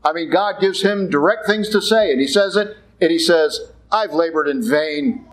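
A man's voice: a little high, normal speed, low-quality recording. A man, a Catholic priest, giving a conversational sermon with blunt asides, now and then acting out the voices he quotes.

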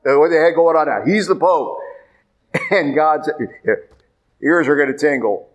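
A man, a priest, preaching a sermon in a conversational way and jumping up in pitch to stress key words. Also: expressive, measured pace, rough recording. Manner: conversational, with sudden emphatic high-pitched stresses.

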